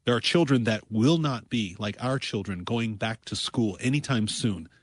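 A man's voice: fairly low pitch, normal speed, husky, dry recording. A man representing a charity on a radio show, making an urgent, emphatic fundraising appeal and thanking callers.

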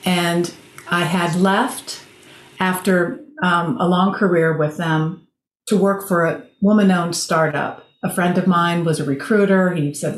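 Lady on a podcast, lowish voice, chatty storyteller, echoey room. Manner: animated storyteller, laughs while telling anecdotes. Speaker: podcast guest. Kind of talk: casual conversation. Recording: roomy echo.

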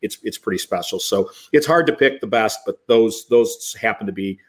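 A man's voice: on the low side, normal speed, breathy edge. A man answering as a podcast guest, talking casually with many ums and you-knows. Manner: relaxed, many fillers like um and you know. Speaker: podcast guest, golf author.

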